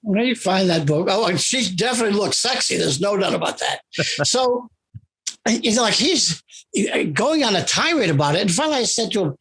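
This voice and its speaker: An older man with a husky, slightly raised voice tells stories from his career. He talks in an animated, rambling way and often restarts his sentences. He is a guest being interviewed about his work. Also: sits high, a little fast. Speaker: interview guest, comic writer. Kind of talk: anecdotal storytelling in conversation.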